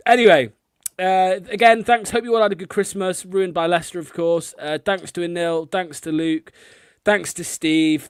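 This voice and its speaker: A man's voice: on the high side, clean tone, no echo, clean studio sound. A man hosting a football fan live stream, chatting casually and swearing often, with lots of filler ums. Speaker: host of a fan watchalong stream.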